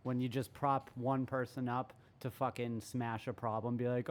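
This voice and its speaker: A man co-hosts a podcast in a relaxed, casual way. He chimes in with short, blunt and sardonic remarks. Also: mid-range voice, normal speed. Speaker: podcast co-host.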